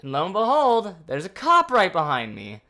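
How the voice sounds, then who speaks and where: A man telling a casual storytime vlog in an animated, anxious way, swearing freely. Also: high-pitched, normal speed. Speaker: vlogger.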